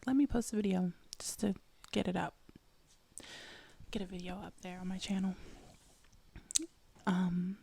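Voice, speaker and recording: A woman hosting her own ASMR channel, rambling casually in a breathy whisper, in a whispered role-play style. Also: medium pitch, fairly even intonation, normal speed, pauses often, warm tone.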